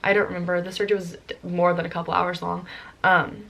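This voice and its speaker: A young woman vlogger telling a personal story in casual chat, rushing along with lots of "like" and "um". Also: lowish voice, little pitch movement, creaky, fairly bright tone. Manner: rushed, filler-heavy with constant "like" and "um".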